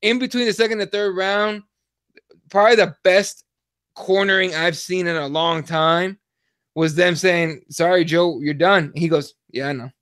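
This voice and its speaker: Brief: young man, high pitched, animated and foul-mouthed podcast co-host, dry close sound. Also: unhurried, dry recording. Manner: profane, animated storytelling. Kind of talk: casual chat.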